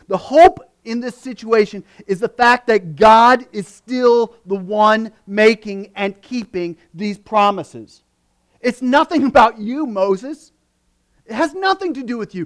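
A man preaching a sermon, reading scripture aloud and building to loud, emphatic peaks on key words. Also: sits high. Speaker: pastor.

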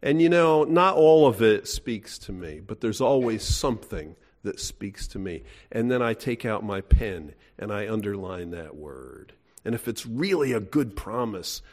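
A man's voice: lowish voice, darkish tone. A middle-aged man preaching a sermon in a folksy, emphatic way, asking his listeners questions. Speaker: pastor.

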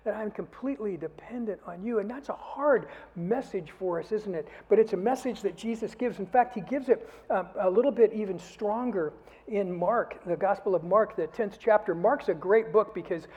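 Older pastor preaching in a reverberant hall. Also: male voice, high voice, normal speed. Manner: earnest, swells louder then drops to a near whisper. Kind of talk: sermon. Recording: dull sound with long hall reverb.

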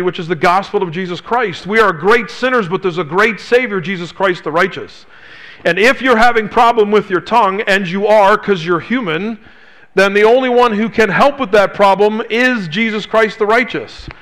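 A pastor preaches emphatically in a bright, ringing voice that sits high for a man, firing rhetorical questions at his listeners at a moderate pace. On key phrases he drops into a hushed, low voice.

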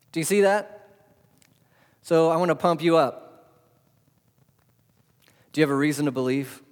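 A man preaching a sermon as pastor, asking rhetorical questions and swinging between loud and soft. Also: medium pitch. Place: church hall. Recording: long hall reverb.

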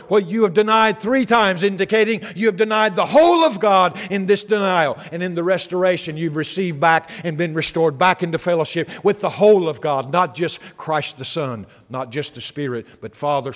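A male preacher delivers an expository sermon in an earnest, emphatic manner, driving his main points home by repeating them. His voice sits fairly high for a man. A long reverb from the church sanctuary trails behind him.

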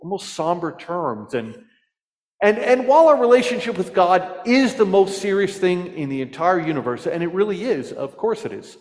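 A man preaching in a church, telling jokes with a lively storyteller's delivery. His voice sits fairly high for a man, and the sound rings with a long hall reverb. He turns to the congregation with questions. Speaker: pastor. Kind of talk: sermon with jokes.

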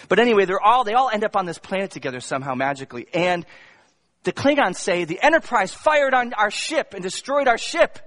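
A male pastor with a high-pitched, fairly bright voice preaches to his congregation in church. His sermon is conversational, with humorous asides and emphatic bursts.

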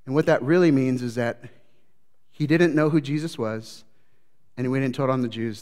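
Animated male pastor in a reverberant hall. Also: normal speed, pauses often. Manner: swings from loud animated retelling to low quiet reflection. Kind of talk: sermon. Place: church sanctuary. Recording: long church reverb.

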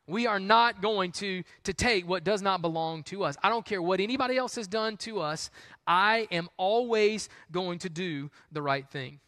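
A man's voice: high-pitched, moderate pace, sharp tone, no room sound, clean studio sound. A man preaching, speaking as a determined warrior leader who vows to do right. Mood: resolute. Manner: firm, resolute.

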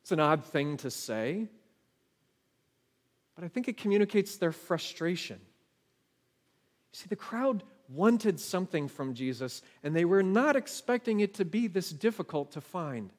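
A male pastor delivers a sermon with a high voice that rings through a long hall reverb. He speaks earnestly and keeps asking the congregation questions. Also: animated, a little slow, a little mellow. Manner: earnest, asks the listeners questions.

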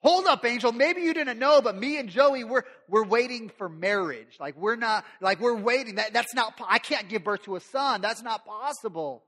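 An eager, devout young woman gushes in a high, breathless voice, as a male preacher puts her on. She sounds excited and wholehearted, like a bright sermon re-enactment. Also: moderate pace, hardly any pauses, in a large hall, exaggerated voice. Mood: protesting.

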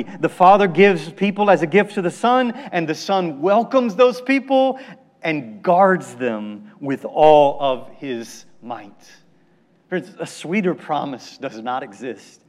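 A man preaching a sermon as pastor, building emphatic repeated phrases and dropping to hushed lines. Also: a little high, animated, a little slow. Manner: preaching with emphatic, rhythmic repetition and dramatic drops to a hushed voice.

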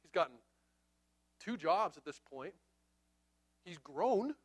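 A man preaching a sermon, telling a Bible story in an animated way and acting out the characters. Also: high-pitched, takes it slowly, breathy edge. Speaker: pastor.

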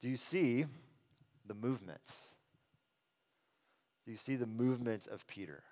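Earnest pastor preaching in a big hall. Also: male voice, mid-range voice, a little slow. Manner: conversational and earnest, swelling loud then dropping soft. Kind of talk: sermon. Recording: long reverb of a large hall.

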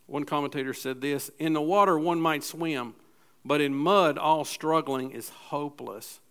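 A man's voice: on the high side, steady tone, a little slow, a bit bright, smooth. A middle-aged man preaching a sermon in church, speaking in a conversational way with restarts and acted-out asides. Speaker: pastor.

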